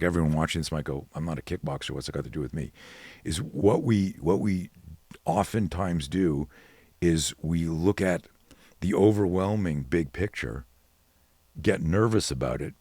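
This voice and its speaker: A middle-aged man, a guest on a podcast interview, telling stories in an animated way and acting out the dialogue. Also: low voice, dry recording. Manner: animated, acts out dialogue with quick voice changes. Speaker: guest, self-defense expert.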